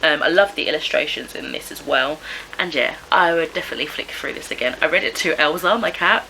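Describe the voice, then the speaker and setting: Bright-voiced chatty woman. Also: deep voice, a little fast, creaky, slight background noise, rough recording. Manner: chatty and upbeat, with giggles. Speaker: book vlogger. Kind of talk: casual book wrap-up chat.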